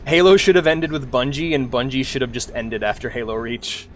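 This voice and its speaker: Animated young man ranting while streaming. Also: medium pitch, a little fast, slight background noise. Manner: animated, swearing, laughing ranter. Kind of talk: casual rant while gaming.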